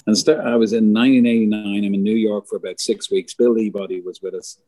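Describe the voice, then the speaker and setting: A man's voice: on the low side, fairly even intonation, quick pace, mellow, no room sound. A middle-aged man, a concert lighting designer, telling rambling backstage stories in casual conversation and swearing freely. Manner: rambling, swears freely, acts out others' lines.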